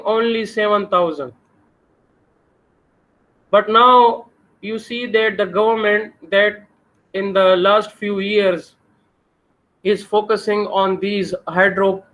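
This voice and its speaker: A man's voice: sits high, a bit bright, low-quality recording. A man with a Pakistani English accent giving a university engineering lecture, posing questions to the class and answering them himself.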